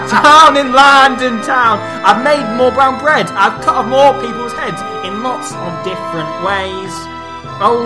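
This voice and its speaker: A man's voice: extremely high pitch, pitched above the performer's own voice. A man doing a brash mock-Cockney geezer. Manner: loud, laughing, sings a parody song. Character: man faking a cartoonish Cockney London director.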